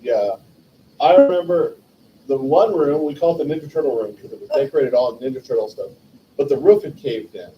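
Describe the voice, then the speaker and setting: A man's voice: medium pitch, fairly quick, dull audio, noisy background. A man telling a heartfelt, rambling story about an old friend, acting out their past conversations. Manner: animated, rambling, heartfelt, acts out past dialogue. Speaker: memorial stream host. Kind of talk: personal storytelling, eulogy. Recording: distant mic with faint room ambience.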